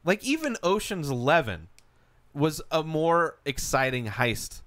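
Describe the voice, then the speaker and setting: A man co-hosting a podcast in casual chat, swearing freely and giving quick offhand opinions. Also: on the high side, big pitch swings, a bit bright, no echo. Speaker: podcast co-host.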